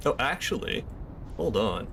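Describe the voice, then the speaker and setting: A man's voice: fairly low pitch, sing-song, a little slow, vocal fry, a bit bright, a little hiss or hum. A man streaming a first playthrough of a video game, thinking aloud and chatting with viewers. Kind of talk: casual gameplay commentary.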